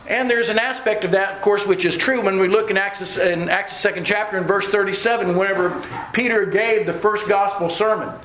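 A man's voice: high-pitched, moderate pace, hardly any pauses, fairly bright tone, a little hiss or hum. A man preaching a sermon, telling homespun stories and chuckling as he goes. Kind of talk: sermon with folksy storytelling. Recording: roomy hall with faint ambience.

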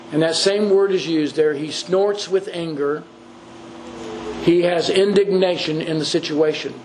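A man's voice: high-pitched, slight background noise, poor audio. A man preaching a sermon in an earnest way, repeating phrases for emphasis.

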